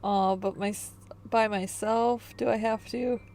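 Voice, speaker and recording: A woman's voice: mid-range voice, fairly even intonation, measured pace, darkish tone, slight background noise, lightly acted. A woman voicing a nervous young adult apartment caretaker who stammers and rambles.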